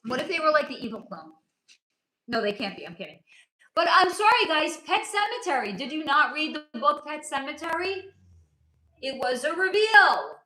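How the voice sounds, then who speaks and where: A woman hosts a casual livestream and answers viewer comments one after another. Her voice is bright, forceful and sits a little high. She speaks bluntly and swears freely, and the room echoes around her. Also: sing-song, moderate pace. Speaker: livestream host.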